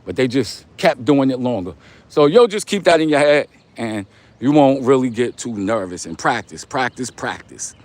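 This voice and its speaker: A man's voice: mid-range voice, lively intonation, moderate pace, darkish tone, no room sound. A young man from Long Island, hosting a casual livestream, giving motivational talk in street slang and repeating his points. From Long Island, New York. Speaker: livestream host.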